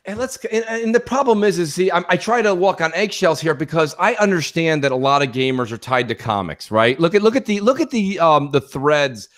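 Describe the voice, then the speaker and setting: A man's voice: a little high, lively intonation, fairly quick, hardly any pauses, fairly bright tone. A man co-hosting a casual gaming podcast, talking animatedly and acting out mocking voices of fans. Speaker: podcast co-host.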